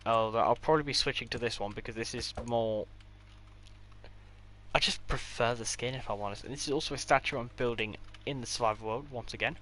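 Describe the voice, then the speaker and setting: A man's voice: mid-range voice, brisk, pushed and bright. A man giving a casual, rambling tour of his game builds, with offhand delivery and dry sarcastic asides. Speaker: gaming creator.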